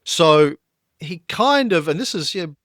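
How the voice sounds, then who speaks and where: A man's voice: measured pace, no room sound. A man co-hosting a history podcast, his mid-range voice jumping up when he leans into a point. The sound is dry and close, with no room around it. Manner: lively storytelling, rises in pitch when emphatic. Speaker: podcast co-host.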